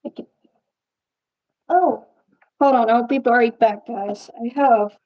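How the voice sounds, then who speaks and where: A woman's voice: a little high, slow pace, lo-fi sound. A young woman puppeteer chatting casually on a live-stream Q&A, rambling and laughing as she talks.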